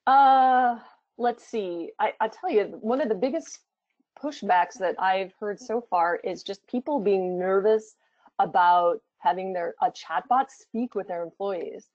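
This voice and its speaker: A woman's voice: a little slow, a little mellow, no echo. Woman, product presenter, conversational, thinking aloud, muffled lo-fi sound. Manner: chatty, thinking aloud with fillers. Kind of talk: live product demo, conversational. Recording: dull low-fidelity sound.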